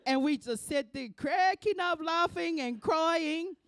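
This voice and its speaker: A middle-aged New Zealand woman with a high, bright pitch shares heartfelt family memories at a church funeral. Her talk is warm and emotional, and she drops Māori words in as she goes. The sound is close and dry. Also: slow pace, no echo. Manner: warm, laughing through tears, mixes in Māori words. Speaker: eulogy speaker, daughter of the deceased. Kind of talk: emotional storytelling at a funeral service.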